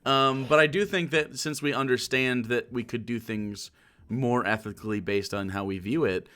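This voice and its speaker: A man in casual podcast chat, relaxed and musing, often chiming in with short agreements. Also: medium pitch, moderate pace. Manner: laid-back, chimes in with short agreements and musings.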